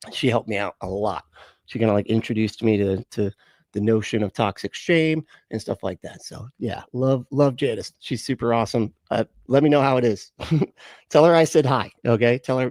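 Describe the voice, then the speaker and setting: A man's voice: medium pitch, darkish tone, no echo. Rambling, chuckling male streamer, dry close sound. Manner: rambling, chuckling, self-correcting asides. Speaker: live-stream host. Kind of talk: casual live-stream chat, greeting viewers.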